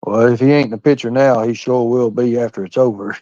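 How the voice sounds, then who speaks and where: Guy ranting on his livestream, dark mellow voice, swears a lot, preachy and blunt, dry dull lo-fi sound. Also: medium pitch, steady tone, fast, dry recording. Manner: folksy Southern-style phrasing with "by God" and "ain't". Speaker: livestream host. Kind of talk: heated livestream rant.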